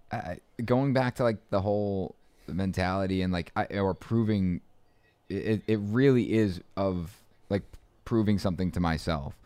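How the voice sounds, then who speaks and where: A man with a very low, smooth and resonant voice and only a faint trace of a Boston accent, talking as an interview guest. He rambles through his thoughts with many restarts and asides. The sound is close and dry. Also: a little mellow, no echo. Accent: faint Boston, mostly smoothed out. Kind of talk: casual interview talk.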